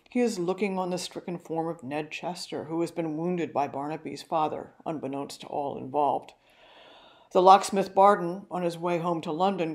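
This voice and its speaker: An older woman giving a carefully read, measured talk on a novel. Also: fairly low pitch, a little mellow. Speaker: literary talk presenter.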